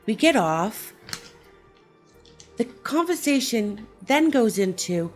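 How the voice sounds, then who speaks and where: A woman's voice: on the high side, sing-song, slow pace, pauses often, soft background music. A middle-aged woman ranting casually on her horror vlog, sarcastic and profane as she tells stories. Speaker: horror vlogger. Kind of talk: casual rant.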